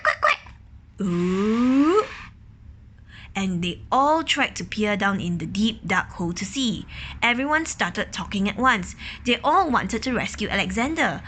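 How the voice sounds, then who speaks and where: A woman reading a children's picture book aloud, pausing to ask questions, explain words and imitate quacking ducks. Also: a little high, sharp tone. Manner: imitates quacking and gasps for effect. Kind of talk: children's story read-aloud.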